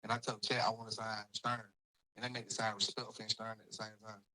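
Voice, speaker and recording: A man's voice: on the low side, level tone, fast talker, bright, forceful tone, poor audio. A man on as a guest, telling a story in casual chat.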